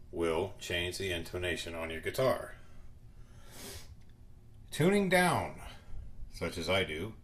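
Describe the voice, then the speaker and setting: A man hosting a home guitar tutorial, short of breath and speaking in slow, halting phrases with pauses. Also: lowish voice, fairly bright tone.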